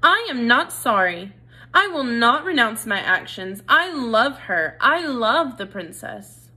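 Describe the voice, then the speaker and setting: A woman's voice: on the high side, very animated, bright, forceful tone, exaggerated voice. A woman voicing a small, brave young male mouse who speaks earnestly and firmly. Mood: defiant. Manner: earnest, halting then firm.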